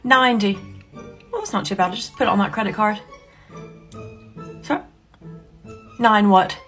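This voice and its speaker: A woman's voice: mid-range voice, normal speed, a bit bright, soft background music, lightly acted. A woman voicing a chatty, easily surprised middle-aged British woman in a comic sketch. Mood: incredulous. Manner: incredulous, chatty.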